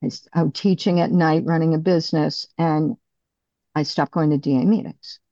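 A woman's voice: low voice, steady tone, dark tone, dry recording, highs cut off. Earnest middle-aged woman sharing her recovery. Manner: candid, halting, earnest. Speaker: recovery program speaker. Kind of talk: personal recovery share.

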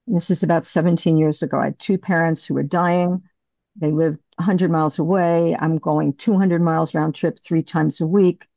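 A middle-aged woman giving a candid, halting personal recovery share as a speaker. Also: low voice, steady tone, gravelly, warm tone, no room sound, highs cut off.

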